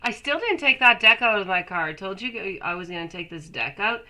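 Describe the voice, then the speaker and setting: A woman with a cold and a stuffy, nasal voice, chatting warmly with her viewers while reading tarot on a live stream. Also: mid-range voice, animated, a little fast, rough recording. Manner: chatty, affectionate, laughs often. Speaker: tarot reader.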